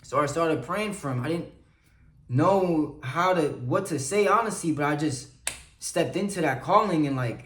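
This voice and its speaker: An earnest man delivers a motivational sermon-like monologue, his voice sitting slightly high for a man. He moves between hushed confiding and loud, pressing encouragement. The recording has a noticeable roomy echo. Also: lively intonation, unhurried. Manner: earnest, preachy, swings between soft confiding and loud urging. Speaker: motivational vlogger.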